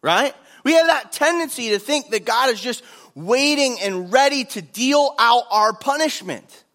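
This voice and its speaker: High-voiced, earnest male preacher. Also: expressive, a little slow, a bit bright. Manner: earnest, emphatic, leans on repetition. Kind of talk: sermon.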